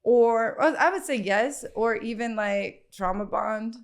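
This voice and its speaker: A woman's voice: a little high, a little slow. Candid woman guest chatting bluntly. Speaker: podcast guest. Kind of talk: casual chat.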